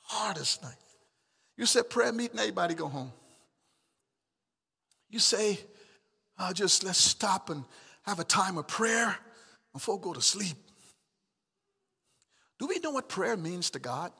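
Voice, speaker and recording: A middle-aged pastor preaching a sermon, swinging from shouted emphatic calls to soft, chuckling storytelling. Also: male voice, high voice, vocal fry, breathy edge, big-room sound.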